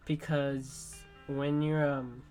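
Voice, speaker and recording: A man's voice: mid-range voice, little pitch movement, extremely slow, darkish tone, soft background music. Young man rambling frankly while sick. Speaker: streamer. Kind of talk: candid personal vlog monologue.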